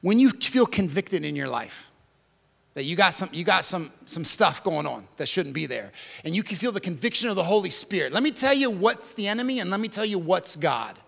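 Brief: male pastor, sermon, high gravelly voice, impassioned delivery, reverberant hall. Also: big pitch swings, brisk. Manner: impassioned, swings from hushed to emphatic preaching. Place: church service.

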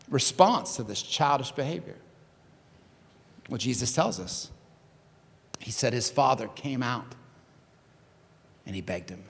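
A man preaching a sermon in a conversational, animated way, often repeating his phrases. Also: a little high, creaky, in a large hall. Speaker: pastor.

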